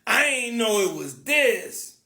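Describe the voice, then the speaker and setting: High-voiced man drawling gossip, roomy. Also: sing-song, slow, sharp tone. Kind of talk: celebrity gossip commentary.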